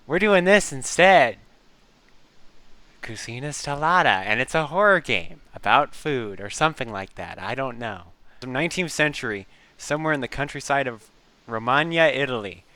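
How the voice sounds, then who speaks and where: Bright, crisp-voiced man playing a game. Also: mid-range voice, expressive, brisk. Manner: rambling, self-deprecating asides. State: breathing audibly into the mic. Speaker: game commentator. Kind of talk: casual let's-play commentary. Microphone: desk microphone close up.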